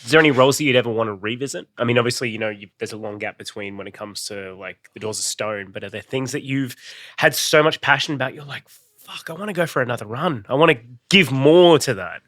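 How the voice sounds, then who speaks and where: A man co-hosting a podcast, chatting casually and asking a guest questions with quick excitement. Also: mid-range voice. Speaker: podcast co-host. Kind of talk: casual chat. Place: podcast studio.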